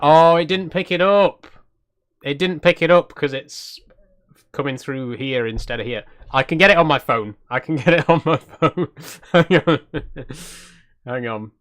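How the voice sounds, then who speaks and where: A man's voice: on the high side, measured pace, a bit bright. Chatty, self-deprecating man streaming a game. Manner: chatty, laughing, reads out chat suggestions; self-deprecating, trails off and restarts. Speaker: streamer host. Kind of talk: casual livestream commentary.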